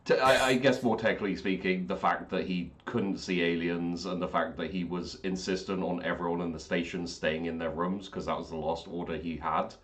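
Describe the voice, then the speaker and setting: A man's voice: deep voice, fairly even intonation, a little fast, few pauses, a bit bright. A man who ran the game, chatting casually in an aftershow with lots of fillers and restarts. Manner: rambling, with many fillers and restarts. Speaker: game master.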